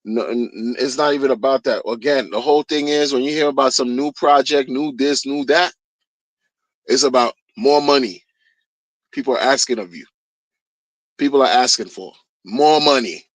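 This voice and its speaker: A man's voice: mid-range voice, normal speed, dry recording. Male streamer, blunt slangy rant, repetitive, recorded close and dry. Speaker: crypto streamer. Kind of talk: casual rant.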